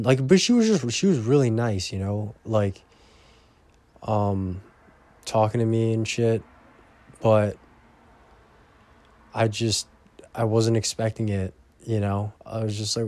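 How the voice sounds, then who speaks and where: A man's voice: on the low side, moderate pace, long pauses, darkish tone, dry recording. A young man vlogging in a rambling, profane casual monologue that often trails off into mumbles.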